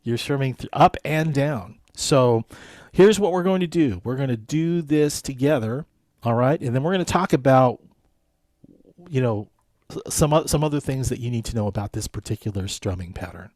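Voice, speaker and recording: A man's voice: mid-range voice, expressive, normal speed, darkish tone, no room sound, studio quality. A man leading a live guitar lesson, counting beats aloud and coaching his students in a friendly way. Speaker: guitar instructor.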